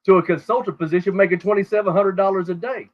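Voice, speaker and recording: Guy swearing nonstop on a rambling rant, slightly high voice, muffled lo-fi call sound. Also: steady tone, fast. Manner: crude, rambling, heavy swearing. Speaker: show host. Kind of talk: profane casual rant. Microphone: call audio.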